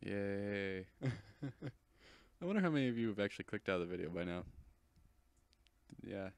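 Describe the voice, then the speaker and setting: A young man with a lowish voice rambling casually over a screen recording. He is goofy and self-deprecating, and the recording is dry and close. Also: lively intonation, normal speed, clear, resonant tone, dry recording. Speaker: channel host.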